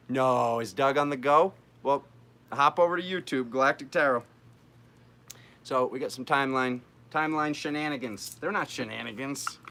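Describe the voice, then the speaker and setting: A man's voice: mid-range voice, pushed and bright, slight background noise. Chatty, playful man reading tarot live. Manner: chatty and playful, joking with viewers while shuffling cards. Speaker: tarot reader hosting a live stream.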